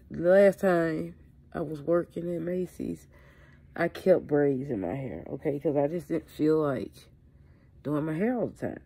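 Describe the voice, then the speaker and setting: Low, gravelly woman, sick and rambling. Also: warm tone. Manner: candid and rambling, with frequent fillers and mild swearing. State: sick with allergies, sneezing. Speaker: beauty vlogger. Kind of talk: casual chat to camera. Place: indoors at home.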